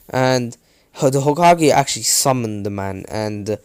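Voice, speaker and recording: A man's voice: medium pitch, animated, normal speed, darkish tone, smooth, no room sound. A man casually narrating a fan story, rambling with many fillers and restarts.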